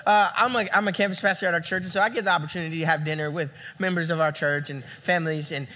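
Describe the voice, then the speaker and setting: A young man preaching a sermon as a campus pastor, animated and acting out the people he quotes. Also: a little high, racing. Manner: animated, acts out quoted voices.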